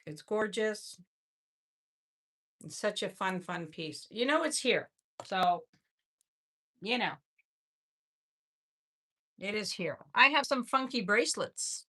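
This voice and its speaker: Woman host for a live sale stream, bright tone, slow unhurried delivery, gushing and chatty. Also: medium pitch. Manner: chatty, effusive, repeats words. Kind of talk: casual live-stream selling.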